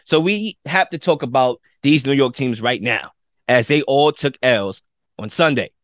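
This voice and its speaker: A man's voice: medium pitch, lively intonation, a little slow, no room sound. Guy hosting a sports show, upbeat, tosses it to his cohost, dead dry mic. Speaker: sports podcast host. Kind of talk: casual sports talk.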